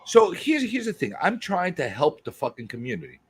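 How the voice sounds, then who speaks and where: Man, livestream host, heated profane rant, husky, high voice, lively swooping pitch. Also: brisk. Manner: profane, fired-up, repeats himself as he rants.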